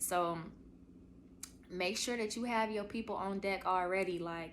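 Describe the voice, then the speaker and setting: With a mid-range, unhurried voice, this young adult podcast host chats casually and shares a heartfelt story, addressing her listeners as y'all. There's slight background noise.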